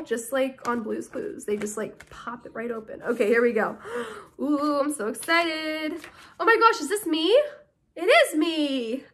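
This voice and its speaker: Young woman vlogger, high and bright, excitable, gushing casual chat. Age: young adult. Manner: bubbly and excitable, gushing with thanks. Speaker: YouTuber opening fan mail.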